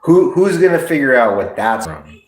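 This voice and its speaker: A man's voice: medium pitch, normal speed. Rambling man streaming in an echoey room. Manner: rambling, excitable, swears freely. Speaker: livestream host. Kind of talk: casual livestream chat.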